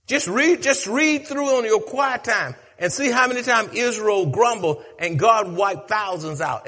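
A man preaching a sermon to a congregation. He repeats lines for emphasis and swings between low, quiet stretches and shouted peaks. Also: slightly rough. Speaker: pastor.

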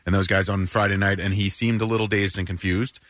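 A man's voice: lowish voice, level tone, a little fast, fairly bright tone, dry recording, studio quality. A man on a radio show, rambling in an amused way through a story. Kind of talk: casual radio chat.

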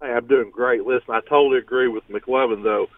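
A man's voice: medium pitch, steady tone, fairly quick, no room sound. Joking guy calling in, sounds like a phone, dry. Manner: sarcastic, joking. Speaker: caller. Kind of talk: sports radio call-in. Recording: tinny phone line.

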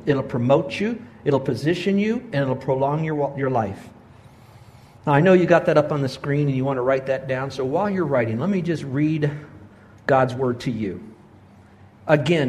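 A pastor in his sixties preaching with a slightly high voice. He tells long stories and breaks into loud excited outbursts. His tone stays conversational between them. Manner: storytelling, animated with loud excited bursts. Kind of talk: sermon.

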